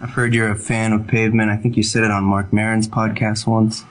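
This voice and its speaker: Hesitant caller from Ohio, low-voiced man. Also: little pitch movement, a little fast, poor audio. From Cleveland, Ohio. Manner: polite, hesitant with many ums. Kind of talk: casual phone-in chat.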